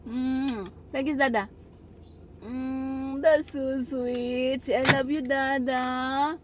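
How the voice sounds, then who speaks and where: In a high-pitched, fairly even voice, a young Filipino mother takes her time as she vlogs with her kids near a clinic. Switching between Tagalog and English, she coaxes and scolds her toddler while vehicles pass and traffic rumbles in the background.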